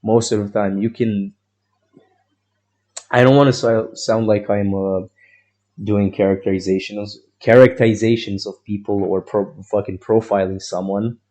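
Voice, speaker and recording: A man's voice: on the low side, fairly even intonation, measured pace, warm tone. A young man telling a long personal story in a rambling, profane way, full of fillers and restarts. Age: young adult. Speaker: vlogger.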